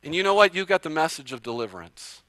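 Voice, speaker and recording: A man, the pastor, preaching a sermon, swinging from hushed passages to fervent, emphatic ones. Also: a little high, sing-song, fast, no echo, rough recording.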